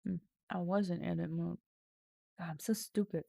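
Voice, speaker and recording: A woman's voice: on the low side, steady tone, moderate pace, gravelly, warm tone, dry recording, studio quality. A woman streaming an AI text adventure, chatting casually while she types, laughing at herself and reading story lines aloud. English is not her first language. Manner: self-mocking, laughs often, reads story text aloud. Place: home streaming setup.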